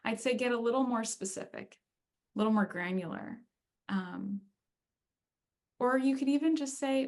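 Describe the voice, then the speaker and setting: A woman's voice: fairly high pitch, moderate pace, pauses often, a little mellow. A middle-aged woman giving a conversational webinar talk on leadership and answering questions, with frequent fillers. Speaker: speaker on leadership and empathy.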